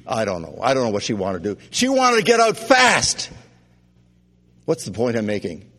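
Loud, animated man preaching in a hall. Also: mid-range voice, moderate pace. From Canada. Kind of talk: sermon. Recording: long reverb of a hall.

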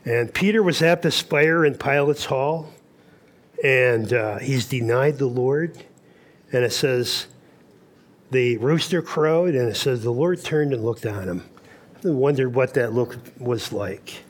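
A man's voice: mid-range voice, slow. A man preaching a sermon at a camp meeting, telling Bible stories and acting out the dialogue. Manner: storytelling, acts out dialogue in quotes.

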